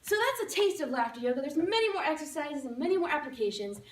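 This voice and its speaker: A woman giving a playful, animated laughter-yoga demonstration speech to a live audience. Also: sits high, fast, very noisy. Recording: echoey room from far off.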